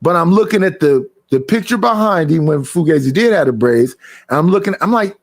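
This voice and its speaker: Man, high pitch, animated storyteller, casual stream chat, middle-aged. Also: brisk. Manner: animated storytelling with acted quotes. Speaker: livestream host.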